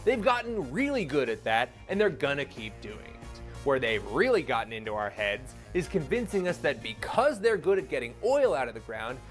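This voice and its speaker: A man hosting an online video series, narrating a script with sarcastic, punchy comedy and sudden loud outbursts. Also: medium pitch, big pitch swings, normal speed, hardly any pauses, soft background music.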